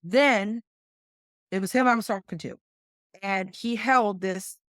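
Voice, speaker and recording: A middle-aged woman with a West Virginia accent, a combat flight nurse telling a story as a podcast guest, animated and acting out what others said. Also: mid-range voice, takes it slowly, no echo, studio quality. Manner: animated, quotes others in lively voices. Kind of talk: conversational storytelling.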